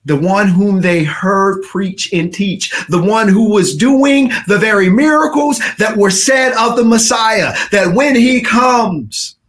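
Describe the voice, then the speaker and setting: A male pastor giving a dramatic sermon, swinging from shouting to hushed passages. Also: high-pitched.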